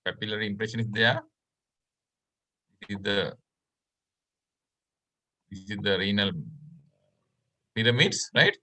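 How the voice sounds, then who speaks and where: A man's voice: lowish voice, unhurried, long pauses, bright, forceful tone. A Sri Lankan man teaching a medical class online, explaining step by step and often checking in with "right?". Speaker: medical lecturer.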